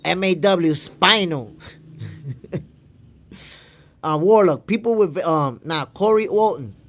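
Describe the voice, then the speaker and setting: A man's voice: high voice, expressive, slow, fairly bright tone. A man hosting a boxing stream, arguing his point emphatically, repeating lines for stress and answering chat. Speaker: boxing show host. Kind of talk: live stream commentary reading chat.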